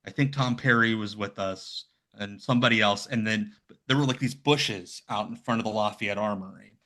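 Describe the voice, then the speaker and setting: A man's voice: on the low side, normal speed. A man in his thirties, a podcast guest telling stories casually and animatedly, with a lot of "like" in his speech. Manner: animated, heavy use of "like". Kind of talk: casual storytelling.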